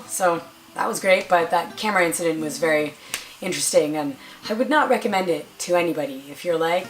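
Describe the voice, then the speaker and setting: A young woman vlogger telling a story to the camera in a casual, animated way, full of fillers and acted-out quotes. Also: mid-range voice, quick pace, poor audio.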